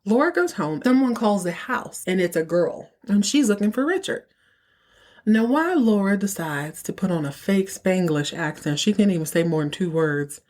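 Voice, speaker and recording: A woman hosting a podcast, telling the story of a TV episode in an animated, chatty way. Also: mid-range voice, normal speed. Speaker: podcast host. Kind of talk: casual TV episode recap.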